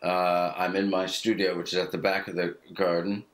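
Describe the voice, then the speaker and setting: An American man in his fifties, chatting over a video call from his home studio, laid-back, self-mocking and quick to laugh. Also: sits low, little pitch movement, fairly bright tone. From United States. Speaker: guest actor. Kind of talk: casual chat.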